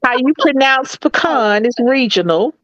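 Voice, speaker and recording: Woman, Southern accent, high-pitched, blunt, bawdy, dull lo-fi sound. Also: lively intonation, measured pace, slight background noise. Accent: Southern American. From American South. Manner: blunt, bawdy, emphatic and loud in argument. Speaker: co-host. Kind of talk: casual chat.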